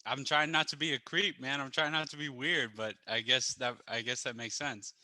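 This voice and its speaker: A man's voice: medium pitch, steady tone, normal speed, bright, forceful tone, no room sound. A man, a real estate agent, casually asking his coach a question on a group call, hesitant with many fillers.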